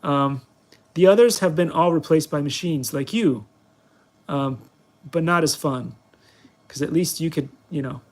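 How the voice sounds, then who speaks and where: A man's voice: fairly high pitch, a little slow, long pauses. Rambling playful man reviewer. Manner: playful, self-mocking, rambling. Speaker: product reviewer, channel host. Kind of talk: casual vlog commentary while playing.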